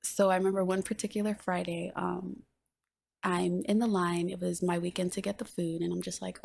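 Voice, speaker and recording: Gravelly-voiced woman telling a story. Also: on the low side, a little fast. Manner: animated, acts out quoted dialogue. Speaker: podcast guest. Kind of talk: casual storytelling.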